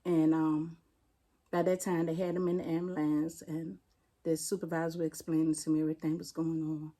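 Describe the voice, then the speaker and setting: Mellow-voiced D.C. woman recounting her loss. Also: sits low, little pitch movement. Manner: plainspoken, halting, retelling a painful loss. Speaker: interview guest, firefighter. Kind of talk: personal storytelling in an interview.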